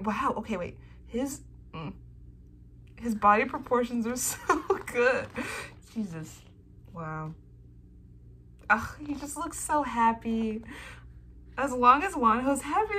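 A young woman vlogging an excited unboxing from home, gasping and squealing over fan merchandise. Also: fairly high pitch, slow pace, a little hiss or hum.

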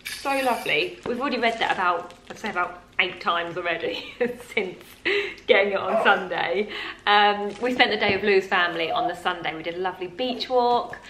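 Chatty mum in roomy room. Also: female voice, medium pitch, moderate pace, a bit bright, slight background noise. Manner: chatty, rambling, gushing, with many fillers. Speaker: mum vlogger. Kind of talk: casual chat to camera. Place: home.

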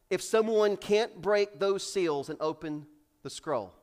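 A male pastor with a high-pitched voice and a drawl delivers a sermon in a church sanctuary. He swings from raised, acted-out voices down to quiet, weighty lines, and he repeats key phrases for effect. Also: slow. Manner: preaches with rising, shouted dramatic build-ups and hushed drops; acts out characters in raised voices.

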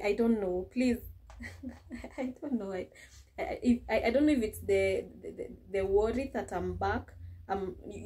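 Young Kenyan woman, vlogger, mellow tone, chatty, repeats words as she talks. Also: medium pitch. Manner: chatty, laughs often, many restarts. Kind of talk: casual vlog chat.

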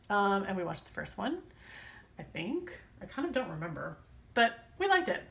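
A woman's voice: medium pitch, lively intonation, normal speed, fairly bright tone. A woman chatting casually and rambling while she works on her planner, full of fillers and self-deprecating asides. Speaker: planner vlogger.

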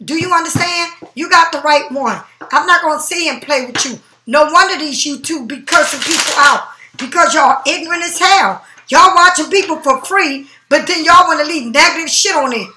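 High-voiced woman reader going off on commenters, swears a lot, aave, echoey room. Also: sharp tone, slight background noise. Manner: profane, confrontational, slow emphatic stresses. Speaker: tarot reader. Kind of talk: angry rant to camera. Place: home.

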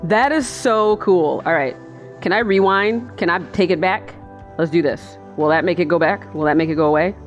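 Talking to herself as she plays, a woman delivers chatty, goofy let's play commentary into a desk microphone. Her voice is lowish and her pace normal, with soft music in the background.

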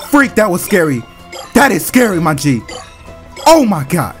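A man's voice: a little high, big pitch swings, normal speed. A man doing let's-play commentary on a horror game, chatting in slang and screaming at jump scares. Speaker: gaming channel host. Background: game music.

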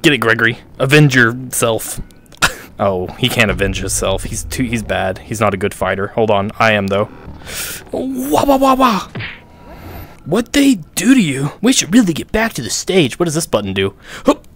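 A young man giving playful, excitable commentary while playing a VR game. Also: medium pitch, normal speed, a little hiss or hum. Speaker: gaming YouTuber. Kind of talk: VR gameplay commentary.

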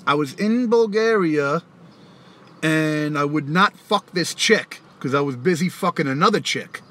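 A man's voice: fairly high pitch, animated, a little slow, bright, forceful tone. A man who raps, hosting a casual live stream and ranting back at viewers' comments, profane and taunting, laughing often. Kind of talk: casual live-stream rant answering chat.

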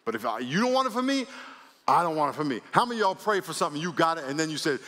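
A pastor preaches with bright, forceful energy and a slightly raised pitch, repeating phrases and acting out quick bits of dialogue. His voice rings out through a large church hall with a long, lingering reverb. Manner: animated preaching with repetitions and acted-out dialogue. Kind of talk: sermon.

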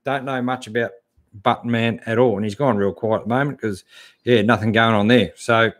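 A relaxed Australian man in middle age, reading comments on a live stream and chatting back at an easy pace. His voice sits in an ordinary middle pitch, and he drops "mate" into most answers. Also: a little fast. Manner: laid-back, chatty, calls everyone mate. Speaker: host answering live chat. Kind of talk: casual live-stream chat.

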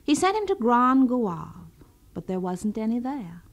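A woman storyteller reading a folk tale aloud, with an expressive, animated delivery. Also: on the high side, unhurried.

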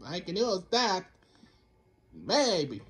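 Speaking extremely slowly, this let's-play commentator has a high, fairly bright voice with huge swings in pitch. He rambles, chats to himself and to the game, and repeatedly drifts into a Count Dracula impression before scolding himself.

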